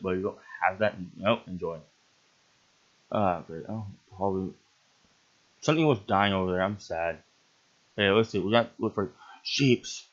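Excitable young-sounding gaming commentator. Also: male voice, lowish voice, lo-fi sound. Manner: excitable, laughs often, bursts into yelps. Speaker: gaming channel host. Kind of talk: gameplay commentary.

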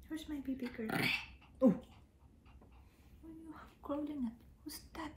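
A woman's voice: high voice, measured pace, pauses often, darkish tone, slight background noise. A woman at home at night, coaxing her pet in cooing baby talk that often drops to a whisper. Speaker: pet owner vlogger.

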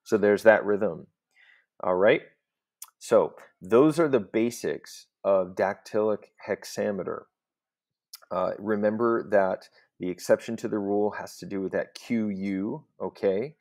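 A man's voice: lowish voice, a little slow, a little mellow. A man teaching a recorded Latin lesson, explaining step by step in a patient voice and often checking in with "okay?".

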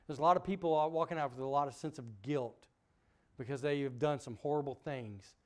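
A man preaching a sermon as pastor, emphatic, asking the congregation questions, swinging from loud peaks to quiet drops. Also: mid-range voice, a little fast. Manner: asks the congregation rhetorical questions.

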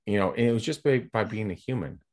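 A middle-aged man from California with a lowish voice, chatting over a video call. He tells rambling, energetic anecdotes and acts out the other people's lines. He speaks as a guest in a relaxed podcast interview. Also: fast talker. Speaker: guest, real estate agent and coach. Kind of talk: casual storytelling in a podcast interview.

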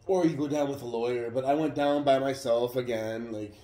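A man telling a story in a casual, profane, animated way. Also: medium pitch, brisk. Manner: profane, animated retelling with acted quotes. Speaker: vlogger. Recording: roomy echo.

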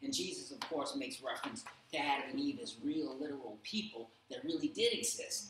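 Leading a relaxed Bible study, a man with a medium-pitched voice talks a little fast, telling stories animatedly and using lots of fillers. The room is very echoey, with a faint background hum.

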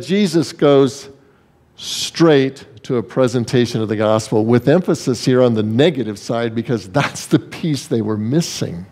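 Mellow-voiced male pastor preaching. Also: mid-range voice. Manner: emphatic preaching with repeated phrases. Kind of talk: sermon.

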